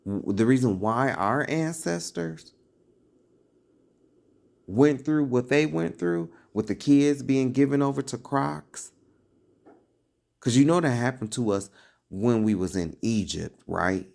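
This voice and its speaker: Man, slow deliberate preaching, gravelly fry, emphatic rhetorical questions. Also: mid-range voice, a little mellow. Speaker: online religious commentator. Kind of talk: preachy casual commentary.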